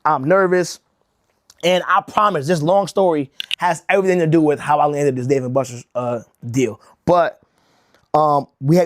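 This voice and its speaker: Young dude from connecticut, kinda higher voice, just rambling a story to his stream, slangy, says bro constantly. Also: no echo, studio quality. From Connecticut, USA. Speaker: rug-making livestreamer. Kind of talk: casual storytelling on a livestream.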